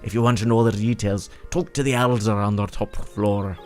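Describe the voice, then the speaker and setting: A man's voice: on the low side, fairly even intonation, normal speed, darkish tone, soft background music, natural voice. A man voicing a chatty male bird-folk innkeeper in a mock Irish-Scottish accent. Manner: chatty, rambling.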